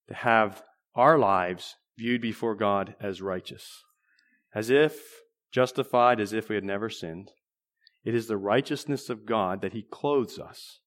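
A man preaching a sermon in a conversational way, restarting phrases and clearing his throat now and then. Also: lowish voice.

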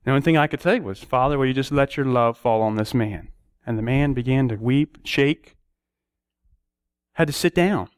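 A man preaching a sermon, telling stories and acting out prayers and dialogue with sudden rises in pitch. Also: normal speed, clear, resonant tone, no room sound, studio quality.

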